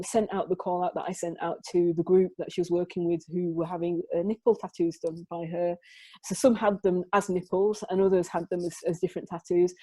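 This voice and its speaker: Woman photographer chatting about her shoots, lively storyteller, lowish warm voice, dry sound. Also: no echo. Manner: lively storytelling, acts out quoted dialogue; frequent fillers and restarts. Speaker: photographer guest. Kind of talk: presenting her work in an interview.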